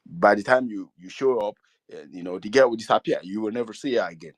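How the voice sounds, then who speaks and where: A middle-aged Igbo man with a Nigerian accent addresses an online gathering. His voice sits low and the sound is dry and close. He talks earnestly, repeats himself and pleads with his audience. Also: fast talker, no echo. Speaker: community speaker. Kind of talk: speaking to an online meeting.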